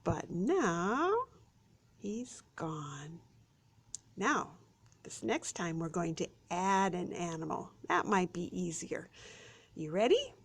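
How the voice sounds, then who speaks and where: A library storyteller, a woman, reads to small children in a slow, unhurried way. Her pitch swoops up and down with lively expression, and she sometimes drops to a hushed whisper for suspense. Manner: animated, sing-song, drops to a whisper for suspense.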